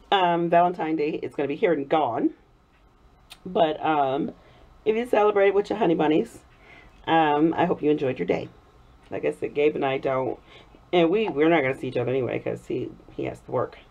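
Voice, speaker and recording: Lively-voiced woman with a cold. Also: low-pitched. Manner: chatty, warm thanks to viewers, frequent laughs. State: hoarse from a cold. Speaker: soap-making vlogger. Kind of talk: casual chat while crafting. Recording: dull lo-fi recording.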